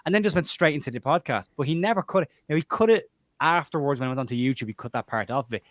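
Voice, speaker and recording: A man hosting a football chat at a rapid clip. His voice sits close and dry, with no room around it. He tells stories with mocking impressions. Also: a little high, no room sound. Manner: animated storyteller, mocking impressions. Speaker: podcast host.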